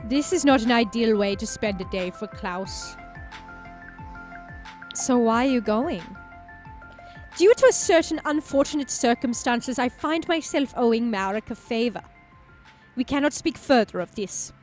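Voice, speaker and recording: A woman's voice: fairly high pitch, animated, measured pace, long pauses, a little mellow, faint music behind. A woman voicing a pair of stiff, formal German men in a put-on German accent, with stilted and overly polite phrasing. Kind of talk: let's play character voicing.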